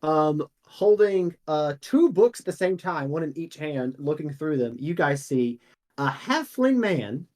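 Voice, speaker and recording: A man's voice: a little high, sing-song, unhurried, a little mellow. A man narrating a tabletop game as game master, rambling with many fillers. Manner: rambling, many ums and likes.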